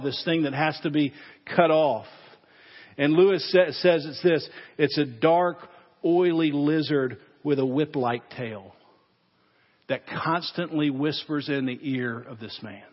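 A man's voice: fairly high pitch, measured pace. A male pastor preaching a sermon, earnest and direct, putting searching questions to his congregation. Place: church. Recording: dull, echoey church sermon recording.

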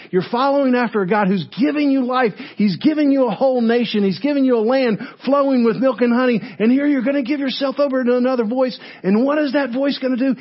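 A man's voice: extremely high pitch, fast talker, hardly any pauses, lo-fi sound. A male pastor preaching a sermon in a church, reading scripture aloud with emphatic, repeated phrases. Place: church sanctuary.

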